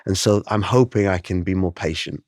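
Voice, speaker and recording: A middle-aged man with a very low voice tells his story in an interview. He is animated and emotional, and he slips into the voices of the people he quotes. The room sounds dry and close. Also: a little fast, dry recording. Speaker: guest artist.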